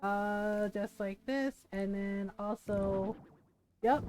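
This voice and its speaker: A woman's voice: mid-range voice, very slow, long pauses, faint music behind. A woman streaming a game, chatting casually and thinking aloud with lots of fillers and little laughs. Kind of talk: casual gameplay commentary.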